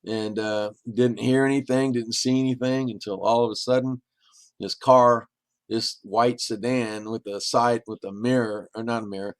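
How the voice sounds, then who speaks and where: A man's voice: medium pitch, steady tone, moderate pace, no room sound. A middle-aged man, a podcast guest, telling long rambling stories in a casual, anecdotal way. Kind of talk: casual storytelling.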